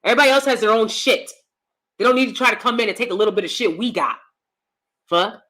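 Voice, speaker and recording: A woman's voice: a little high, quick pace, a bit bright. A woman hosting a live-stream commentary, talking bluntly and profanely and reading out chat comments. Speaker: YouTube commentary host.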